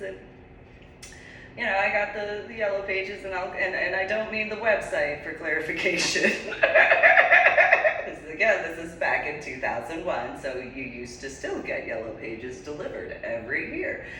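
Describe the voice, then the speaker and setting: Jersey woman in her 40s telling a story, laughs a lot, lively pitch, sounds far off in a big echoey room. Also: normal speed, a little hiss or hum. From New Jersey. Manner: animated, laughs often between lines. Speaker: vlogger. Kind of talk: casual storytelling.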